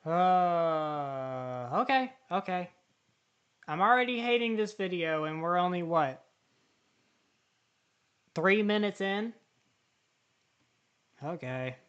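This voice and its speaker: A woman's voice: on the low side, lively intonation, slow, pauses often, lo-fi sound. A woman hosting a reaction video, talking back indignantly to the clip she watches. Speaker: reaction channel host. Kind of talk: casual reaction commentary.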